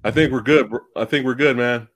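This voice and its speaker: A man's voice: medium pitch, brisk, a little hiss or hum. A man in his forties hosting a casual livestream, talking to chat and laughing often, on a headset mic. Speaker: host. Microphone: headphones or earbuds mic.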